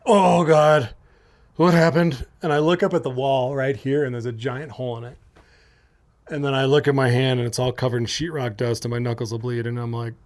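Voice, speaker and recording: Animated storytelling man from Minnesota. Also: mid-range voice, fast. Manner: animated, swearing, acts out quotes in raised voice. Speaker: podcast host. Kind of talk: casual storytelling chat.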